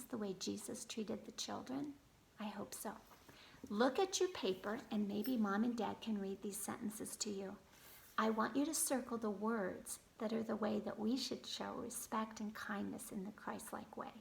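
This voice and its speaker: A woman kindergarten teacher gently telling a story and talking directly to young children. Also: medium pitch, creaky, slight background noise.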